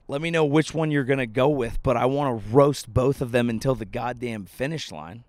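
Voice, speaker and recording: A man's voice: medium pitch, moderate pace, no room sound. A man in his thirties, a comedian hosting his podcast, delivering a profane and sardonic rant from outdoors by a lake. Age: 30s.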